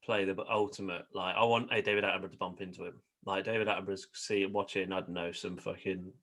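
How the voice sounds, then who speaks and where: A man's voice: low voice, steady tone, quick pace, fairly bright tone. A man co-hosting a podcast, swearing and joking casually. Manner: sweary, jokey, slips into put-on accents. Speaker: podcast co-host. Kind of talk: casual banter.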